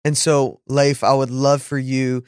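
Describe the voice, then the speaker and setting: A man's voice: medium pitch, little pitch movement, unhurried, clear, resonant tone, no echo, clean studio sound. A young adult man hosting a faith podcast, talking earnestly in a casual way, with many restarts. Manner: earnest, with filler-laden restarts. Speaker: podcast host. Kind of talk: casual chat.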